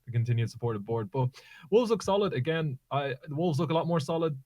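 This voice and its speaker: A man co-hosting a casual football podcast, bantering quickly and getting animated as he tells stories. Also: a little high, dry recording. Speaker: podcast co-host.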